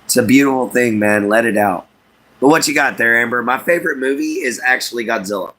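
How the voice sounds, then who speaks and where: A middle-aged man from Southeast Texas, chatting casually and haltingly with his livestream viewers by name, with lots of fillers. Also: medium pitch, bright, forceful tone. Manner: unhurried, halting, many fillers, talks to chat by name. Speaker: livestream host.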